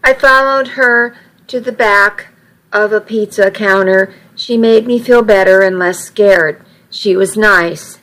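A woman's voice: medium pitch, takes it slowly, fairly bright tone, poor audio. A woman reading a first-person story aloud, with small slips and restarts as she goes. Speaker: narrator.

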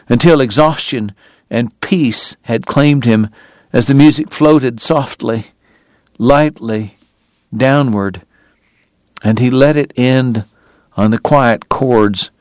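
A man reading a novel aloud as a measured, dramatic audiobook narrator. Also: medium pitch, no echo, studio quality. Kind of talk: scripted narration.

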